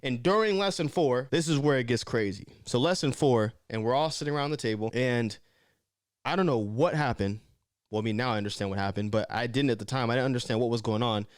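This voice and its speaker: A man's voice: mid-range voice, fairly quick, no room sound, studio quality. A young man in casual, slangy storytelling as a vlogger, talking to camera. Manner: slangy, animated, conversational.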